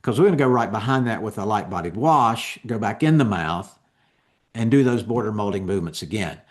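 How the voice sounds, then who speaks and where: A man giving a continuing education lecture on dental technique, explaining each step in a relaxed, conversational way. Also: lowish voice, brisk.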